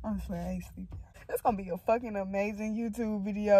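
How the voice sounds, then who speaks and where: A woman's voice: mid-range voice, fairly even intonation, fast talker, mellow. A woman in her twenties filming a casual vlog in her parked car on a phone, rambling bluntly with lots of swearing while crying on and off. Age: 20s. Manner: rambling, emotional, blunt and profane. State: tearful, crying on and off. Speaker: vlogger.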